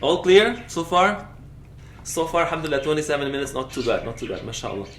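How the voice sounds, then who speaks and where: A man's voice: a little high, sing-song, fast. A man teaching a class on Islamic law, explaining step by step, often checking "okay?", and switching between English and recited Arabic text. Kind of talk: classroom lecture. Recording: roomy, faint background noise.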